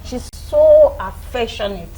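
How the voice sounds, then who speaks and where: Animated woman guest talking parenting. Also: fairly high pitch, slow pace, a little hiss or hum, rough recording. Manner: animated, acts out children's and parents' voices. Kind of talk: studio talk show discussion.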